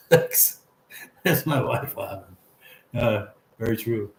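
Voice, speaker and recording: A man's voice: on the low side, drawn-out words, echoey room. Chatty man hosting a livestream. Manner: reads comments aloud and chuckles along, chatty and encouraging. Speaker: livestream host reading viewer chat. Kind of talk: casual livestream chat.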